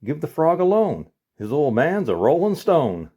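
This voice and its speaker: A man voicing a loud, breezy male bank manager delivering a punchline. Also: on the high side, very animated, unhurried, husky, pitched above the performer's own voice, exaggerated voice. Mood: hearty.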